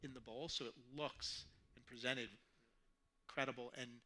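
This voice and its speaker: A restaurant company executive giving an upbeat, polished pitch for a product. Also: male voice, steady tone, normal speed, pushed and bright, rough recording.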